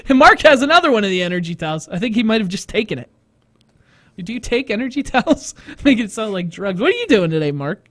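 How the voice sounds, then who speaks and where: A man's voice: sits high, very animated, fast talker, fairly bright tone. A man hosting a live stream, rambling and self-mocking as he chats and laughs often. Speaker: host. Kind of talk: casual live stream chat. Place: studio.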